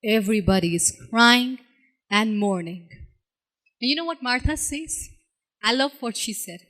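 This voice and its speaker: A woman delivers a sermon in a high, bright, ringing voice. She keeps asking her listeners rhetorical questions and acts out the people she quotes, with big jumps in pitch. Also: lively intonation, measured pace. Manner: repetitive rhetorical questions to the congregation. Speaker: preacher.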